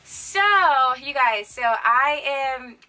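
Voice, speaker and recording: A young woman vlogger casually telling a story to her viewers, animated and chatty with lots of fillers. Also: high voice, extremely slow, faint music behind, poor audio.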